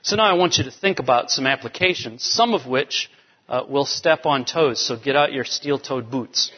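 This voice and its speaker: A man's voice: mid-range voice, moderate pace, breathy edge. A man preaching a sermon as pastor, explaining scripture and building to emphatic points. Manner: expository preaching, rising to emphatic peaks. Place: church sanctuary. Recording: dull sound with long hall reverb.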